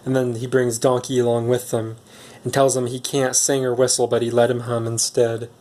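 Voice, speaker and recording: A man's voice: mid-range voice, little pitch movement, moderate pace, a little mellow. Rambling man recapping a movie. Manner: rambling, hesitant, many ums and restarts. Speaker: movie reviewer. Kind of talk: casual film recap.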